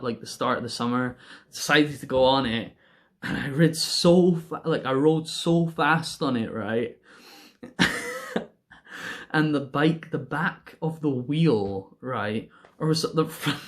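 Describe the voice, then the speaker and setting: A young man with a slightly high voice rambles through his stories to camera, laughing through them and swearing freely. His talk is loose and filled with fillers and restarts. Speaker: vlogger. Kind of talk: casual storytelling to camera.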